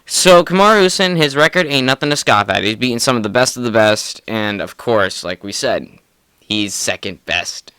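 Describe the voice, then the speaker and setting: Casting: young male podcast co-host, excitable and profane, clear bright tone. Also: mid-range voice, moderate pace, no room sound. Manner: excitable, profane, laughs often. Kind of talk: casual sports chat.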